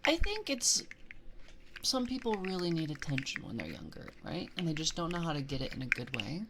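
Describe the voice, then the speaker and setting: A streamer chatting casually on a live stream, giggly and full of fillers, reacting to chat messages. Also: female voice, deep voice, sing-song, fairly quick. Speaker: VTuber streamer. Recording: audible background noise.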